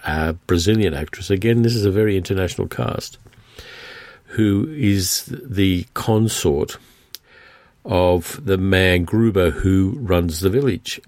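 A man's voice: low voice, a little mellow, dry recording. A man hosting a film podcast, talking through a movie in a conversational, rambling way with many fillers and restarts. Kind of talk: casual spoken film review.

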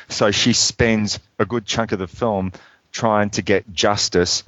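A man talking casually, recapping a movie in a halting way, with fillers and restarts as he gathers his thoughts. His voice sits fairly low. The recording is dull and lo-fi, with a dry, close sound. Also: fairly even intonation, a bit bright, no room sound. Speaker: podcast co-host discussing films. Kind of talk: casual chat.

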